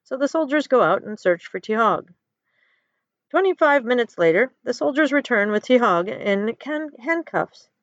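A woman narrating a children's story aloud in an expressive storytelling manner. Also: on the high side, unhurried, no room sound, muffled recording.

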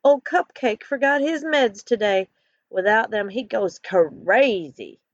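A woman's voice: a little high, animated, takes it slowly, dry recording, full character voice. A woman voicing a friendly young cowgirl who speaks sweetly and soothingly. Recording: dull lo-fi recording.

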